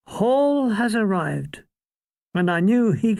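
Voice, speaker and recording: An older woman reading a comic memoir in a slow, unhurried way, with a deadpan delivery that lets the jokes land on their own. Her voice is dry and close to the mic, with no room around it. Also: lowish voice, no echo. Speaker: reader.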